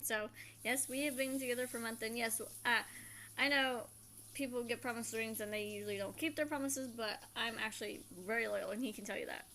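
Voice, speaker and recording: A woman's voice: on the high side, fairly even intonation, fairly quick, bright, forceful tone, slight background noise. A young woman chatting casually on a couple's vlog, giggly and bubbly. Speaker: vlogger.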